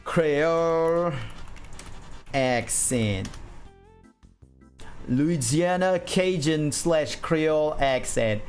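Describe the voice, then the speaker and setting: A man's voice: fairly high pitch, a little mellow. A middle-aged man streaming while he draws. He chats casually, reads chat aloud and laughs often. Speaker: art streamer.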